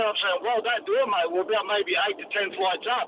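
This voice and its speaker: Australian caller on a noisy phone line. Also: male voice, sits high, a little fast. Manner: rambling, excited yarn-spinner. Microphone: telephone.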